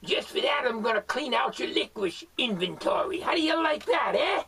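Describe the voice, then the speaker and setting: Hackbar, a man doing a high, gravelly crank. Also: big pitch swings, moderate pace, exaggerated voice. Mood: threatening. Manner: shouting, insulting, bossy. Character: cranky rude hillbilly man, gravedigger type. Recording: voice far from the mic.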